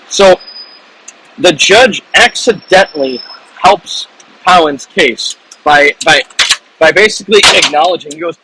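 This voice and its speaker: A man, an author, casually retelling the plot of his own book in animated, rambling storytelling full of restarts. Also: fairly high pitch, takes it slowly, long pauses, background noise.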